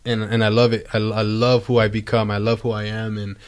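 A man's voice: lowish voice, fairly quick, smooth. Casual young man chatting on a podcast. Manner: relaxed, slangy, many restarts. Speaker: podcast co-host. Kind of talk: casual chat.

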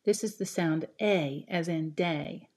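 A woman teaching a scripted pronunciation lesson, carefully enunciated and measured. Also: low-pitched, darkish tone. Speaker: pronunciation instructor.

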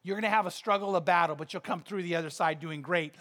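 A man's voice: high voice, quick pace, a bit bright. A male pastor preaching a sermon in an earnest, conversational manner with emphatic repetition.

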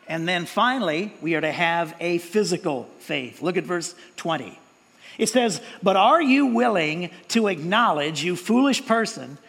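A man's voice: high-pitched, a bit bright, long reverb tail. A male pastor preaching a sermon in a conversational way, with frequent restarts and playful mimicked voices.

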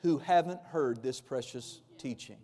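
A pastor in his forties preaching a sermon, with emphatic loud bursts that drop into quiet, close asides. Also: medium pitch, unhurried, big-room sound. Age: 40s.

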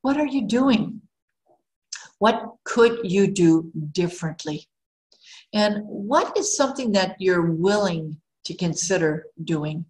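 Brief: woman life coach, lower-pitched, upbeat and encouraging, casual vlog delivery. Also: lively intonation, slow pace, a little mellow, low-quality recording. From Canada. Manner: upbeat, encouraging, talks straight to the viewer.

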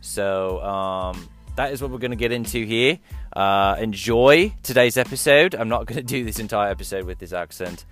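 Give me a man putting on a jokey blend of British, Australian and Irish, low-voiced and just running with it. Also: moderate pace, fairly bright tone, faint music behind, natural voice. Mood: chatty. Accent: put-on mix of British, Australian and Irish. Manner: playful, loose, running with it. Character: the host himself in a jokey mixed accent. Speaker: podcast host.

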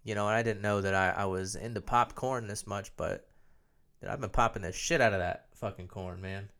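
A man's voice: fairly low pitch, fairly even intonation, fairly quick, fairly bright tone, clear, resonant tone. A young man hosting a solo podcast while sick, with a nasal, phlegmy voice and a sore throat, rambling loosely and mocking himself, with plenty of swearing. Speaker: podcast host.

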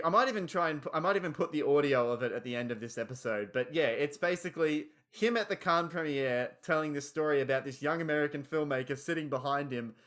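Aussie guy rambling about a movie on a podcast, bright tone. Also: on the high side. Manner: enthusiastic, rambling. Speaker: podcast host. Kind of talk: casual film discussion.

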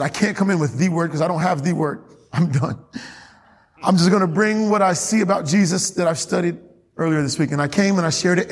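A man preaching a fervent, emphatic sermon as pastor, reading scripture aloud to his church. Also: a little high. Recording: long reverb in a church hall.

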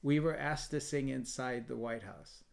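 A man's voice: medium pitch, normal speed, creaky. A man, a choir founder, telling a story in a casual podcast interview and bringing the people he quotes to life. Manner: animated storyteller, quotes others in lively voices.

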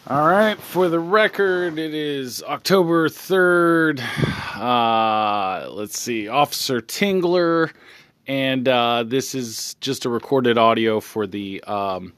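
A man's voice: medium pitch, slow, a bit bright, no room sound. A man doing a bored parole officer. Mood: businesslike. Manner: procedural, stating things for the record. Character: weary male parole officer.

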